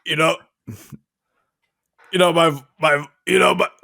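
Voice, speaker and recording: A stumbling, stammering celebrity son keeps tripping over the same filler phrases, as a man puts on the impression. The voice sits a little high with a gravelly edge. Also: fairly even intonation, unhurried, sharp tone, full character voice. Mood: halting. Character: impression of a famous man's adult son, halting.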